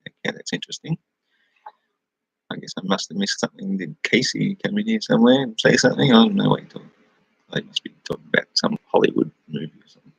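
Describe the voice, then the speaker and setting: A man's voice: fairly low pitch, animated, fast, vocal fry, slightly rough, no echo, poor audio. An Australian man from New South Wales hosting a casual live chat over a webcam, rambling, swearing freely and laughing at his own remarks. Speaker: live-stream host.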